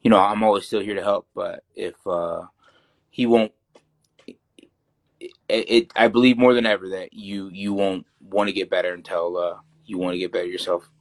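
A man's voice: deep voice, steady tone, normal speed. A young man talking casually in an interview, rambling with many fillers as he tells his story. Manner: loose, rambling, heavy fillers. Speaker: interview guest, fighter.

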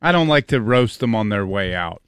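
A man's voice: fairly low pitch, lively intonation, normal speed, a bit bright, smooth, no room sound, studio quality. Wry male radio co-host. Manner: wry, joking asides. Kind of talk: casual morning radio chat.

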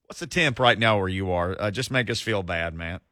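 A man's voice: low voice, brisk, sharp tone, no echo. A man hosting sports talk radio, casual and joking as he sets up guests and callers.

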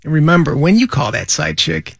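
A man's voice: on the high side, animated, fairly quick, creaky, fairly bright tone, dry recording, studio quality. A man with a Chicago accent co-hosting a casual news talk show, joking and chuckling through loose asides. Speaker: podcast co-host.

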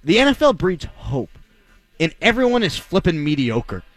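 Blunt, lively male sports radio host. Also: a little high, moderate pace. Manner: blunt, sarcastic, argumentative. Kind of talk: opinionated sports talk radio monologue.

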